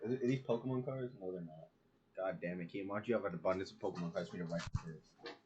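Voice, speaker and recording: A man's voice: low voice, fast talker, darkish tone, muffled recording, slight background noise. A man co-hosting a casual podcast, rambling and arguing with a laugh. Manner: rambling, argumentative, laughs a lot. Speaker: podcast co-host. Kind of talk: casual chat.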